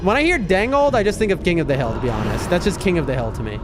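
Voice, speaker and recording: A gaming streamer from the US East Coast rambles casually with his viewers, calling them folks. His voice sits high and sounds expressive and rapid-fire, with background noise and game music running underneath.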